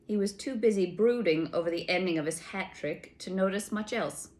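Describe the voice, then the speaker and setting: Woman reading a novel aloud haltingly. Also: mid-range voice, a little mellow. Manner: halting, with slips and restarts. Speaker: audiobook reader.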